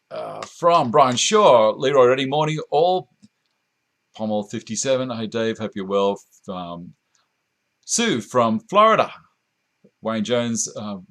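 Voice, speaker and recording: A man's voice: medium pitch, fairly bright tone. An Australian man hosting a woodworking live stream, chatting casually, reading out viewer comments and chuckling often, recorded on a camera mic in a home workshop. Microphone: camera mic at a short distance.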